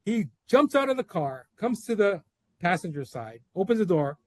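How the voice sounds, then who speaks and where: A man telling stories as a guest in a casual interview, animated and emphatic. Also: high-pitched, normal speed, no room sound. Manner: animated, acts out dialogue, emphatic. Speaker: guest, founder of a learning center.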